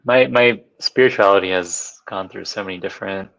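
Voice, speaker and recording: A man reflecting out loud in a halting, musing way, full of fillers. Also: low voice, gravelly. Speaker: panel speaker. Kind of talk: reflective casual talk. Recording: dull lo-fi audio.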